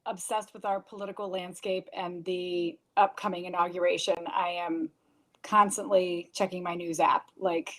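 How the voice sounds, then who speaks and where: A woman appearing as a guest on a podcast, talking in a relaxed and slightly hesitant way. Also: fairly low pitch, moderate pace. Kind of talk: casual chat.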